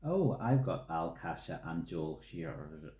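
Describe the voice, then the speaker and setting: A man co-hosting a podcast in casual chat, joking and mocking himself with quick asides. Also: deep voice, big pitch swings, a crowd in the background. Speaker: podcast co-host. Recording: roomy echo.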